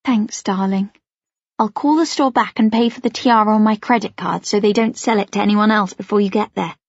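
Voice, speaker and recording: A woman voicing a busy, anxious mother in an audiobook, talking in a hurried, high, flustered way. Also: no echo, lo-fi sound, natural voice. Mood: warm. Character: anxious busy British mother planning wedding.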